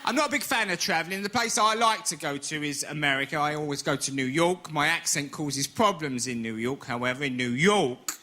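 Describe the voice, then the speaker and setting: Brief: Cockney stand-up comic, slightly high male voice, cheeky and self-mocking, very noisy TV recording. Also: brisk, hardly any pauses. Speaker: stand-up comedian. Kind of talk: stand-up comedy routine. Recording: very noisy television broadcast recording.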